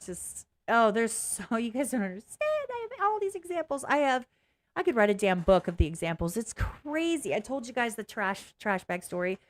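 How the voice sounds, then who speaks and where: A woman's voice: on the high side, big pitch swings, moderate pace. Blunt, rambling woman vlogger. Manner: blunt, frank, swears freely; rambling, self-interrupting. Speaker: reaction video host. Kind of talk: casual personal commentary.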